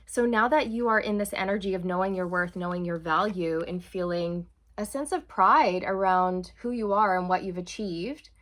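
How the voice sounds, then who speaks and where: A woman's voice: on the low side, normal speed, hardly any pauses, fairly bright tone. A woman giving a channeled tarot reading to her viewers, earnest and reassuring, often checking in with "okay" and "you guys". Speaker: tarot reader.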